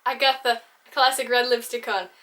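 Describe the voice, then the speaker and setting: A woman's voice: fairly high pitch, fairly even intonation, normal speed, a bit bright. A young woman vlogging about books in a casual, bubbly, chatty way. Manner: bubbly, chatty, giggly, full of fillers. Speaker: book vlogger. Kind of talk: casual chat to camera.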